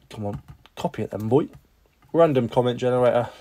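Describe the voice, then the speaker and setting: A man with a British accent chatting casually in a vlog about reselling, jokey and lively. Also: mid-range voice, a little fast, slight background noise. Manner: chatty, jokey, lively bursts of sing-song. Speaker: reseller vlogger.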